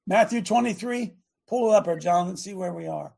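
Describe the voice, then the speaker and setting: An older man hosting a talk radio show, delivering a fiery, repetitive preachy rant that rises to shouts. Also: high-pitched, brisk, vocal fry, husky.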